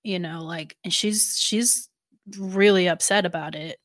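A woman's voice: on the low side, a little slow. A woman co-hosting a casual chat about a TV series, thoughtful and full of filler words. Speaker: podcast co-host.

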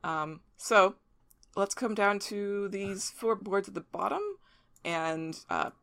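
A woman running a tabletop game over a voice call, calmly explaining the rules step by step. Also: medium pitch, slow, vocal fry. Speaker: game facilitator. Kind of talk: casual chat over voice call.

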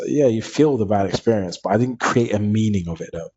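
A man's voice: lowish voice, expressive, fairly quick, a little mellow, slightly rough. A man, speaking openly and reflectively as a guest in an interview. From Hackney, London. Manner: earnest, open and reflective. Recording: dull lo-fi recording.

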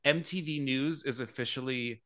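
A man's voice: medium pitch, normal speed, sharp tone. A man hosting a podcast in casual chat, talkative, laughing often and joking at his own expense. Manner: chatty, laughs often, self-deprecating. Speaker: podcast host.

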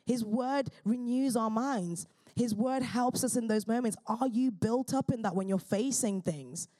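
Earnest woman preaching, mellow voice. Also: a little high. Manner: earnest, fervent, with quick restarts. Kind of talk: sermon.

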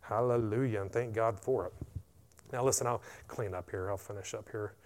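A man preaching a sermon, animated and punctuated with frequent amens. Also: on the low side, moderate pace. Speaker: pastor.

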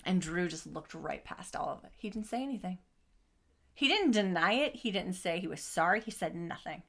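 Bright-voiced woman telling a crime story. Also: on the low side, moderate pace, gravelly. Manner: expressive, swears, frequent asides and restarts. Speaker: podcast host telling a true crime case. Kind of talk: casual true crime storytelling.

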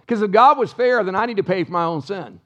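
A man's voice: high-pitched, fast, fairly bright tone. A male pastor preaching a sermon in church, emphatic and full of rhetorical questions to the congregation. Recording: dull lo-fi sound.

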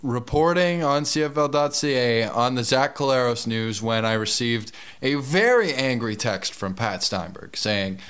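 A man breaking down fantasy football picks on a podcast, steady and confident in the middle of his range. He leans hard on his recommendations and talks like a regular analyst. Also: mid-range voice, normal speed, few pauses, clean tone. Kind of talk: casual sports podcast chat.

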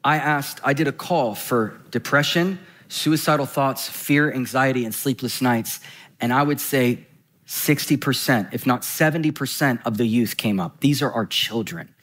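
A man preaching a sermon in a conversational, animated way, slowing down to read scripture and speeding up for quick asides. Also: mid-range voice. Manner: animated, swings between slow scripture reading and quick asides; conversational, frequent "right?" and "like".

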